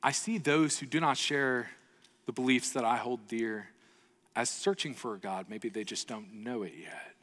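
Bright-voiced pastor in reverberant hall. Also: male voice, medium pitch, fairly even intonation, moderate pace. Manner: earnest, storytelling with rhetorical "right?" checks. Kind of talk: sermon. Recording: long reverb of a large hall.

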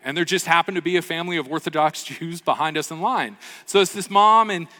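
A man preaches a sermon as pastor in a fast, somewhat high, bright, forceful voice. He tells stories earnestly and checks in with the congregation often, and the recording carries the long reverb of a large hall.

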